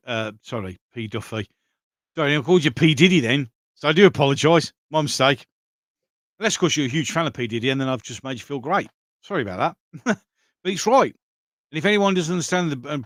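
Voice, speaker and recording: Guy doing a casual livestream, mid-pitch voice, reads out chat comments and replies, dry close sound. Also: dry recording. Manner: talks straight to chat, reading out and answering viewer comments. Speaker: livestream host reading viewer chat. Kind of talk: casual live-stream commentary.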